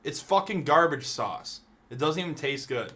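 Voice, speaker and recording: Bright-voiced man on a profane rant. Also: on the high side, expressive, moderate pace. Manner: profane, emphatic, mock-outraged. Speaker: live streamer. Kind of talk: casual ranking rant.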